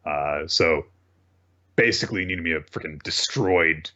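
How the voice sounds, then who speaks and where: A man's voice: rumbling low, measured pace, pushed and bright, dull audio. A man co-hosting a podcast, recapping manga plot in casual chat, with frequent swearing and asides. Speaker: podcast co-host.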